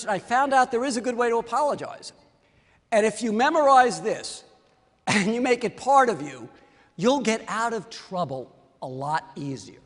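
High-voiced man telling a story in a hall. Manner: lively storyteller who acts out the dialogue. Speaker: orthodontist. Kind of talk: storytelling talk to an audience.

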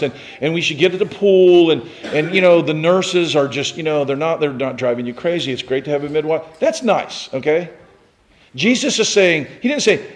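A man preaching a sermon as pastor, animated, swinging from shouting to hushed tones and declaiming scripture aloud. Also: sits high.

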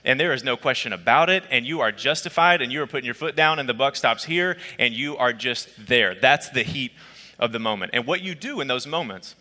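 A man preaching a sermon as a pastor, telling a personal story in a conversational, lively way. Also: medium pitch, fairly quick, in a large hall. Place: church auditorium.

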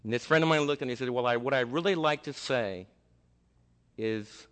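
A man preaching a sermon, telling a story in a lively, conversational way to his congregation. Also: medium pitch, normal speed, clean tone, big-room sound. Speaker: pastor.

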